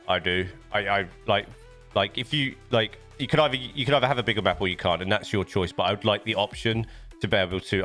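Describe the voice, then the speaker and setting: Casual British male streamer, mid-range pitch, loose chatty delivery that restarts a lot, light music bed behind. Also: fairly bright tone. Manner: rambling, chatty, often restarts sentences. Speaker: live streamer. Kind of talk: casual live-stream chat. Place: home desk setup.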